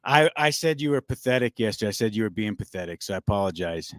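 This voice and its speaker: A man's voice: on the low side, expressive, fast, a bit bright, dry recording. A man as a guest on a casual livestream talk show, loose and joking with frequent swearing.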